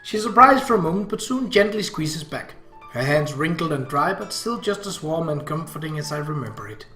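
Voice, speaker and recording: Man narrating a story over soft guitar. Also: a little high, very animated, fairly quick. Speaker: reader. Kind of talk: reading a visual novel aloud. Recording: roomy echo, faint guitar music.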